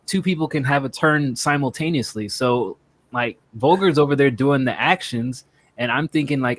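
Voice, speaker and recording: Man, podcast co-host, casual chat, animated storytelling, profane, mid-pitched voice. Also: normal speed.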